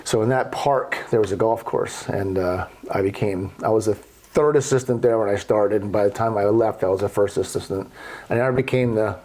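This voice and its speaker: A middle-aged man telling golf stories casually on a podcast, animated and blunt with frequent swearing. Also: lowish voice, normal speed. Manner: profane, animated storyteller. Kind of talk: casual storytelling.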